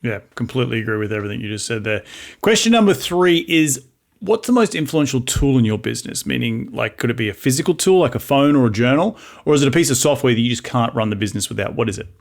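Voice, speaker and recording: Quick-talking Australian man hosting. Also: mid-range voice, expressive, creaky. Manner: fast, upbeat questioner, frequent restarts. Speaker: podcast host. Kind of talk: interview podcast.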